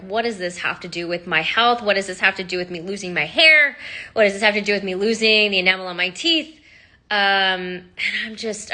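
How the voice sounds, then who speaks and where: A woman sharing her personal story in a candid, animated way, full of fillers and asides. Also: mid-range voice. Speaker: sound healer telling her story.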